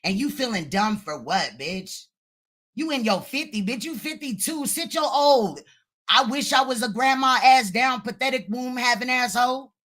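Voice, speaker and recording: Woman host, bright edgy tone, profane heated rant on a live stream. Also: fairly high pitch, expressive, normal speed. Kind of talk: heated reaction livestream.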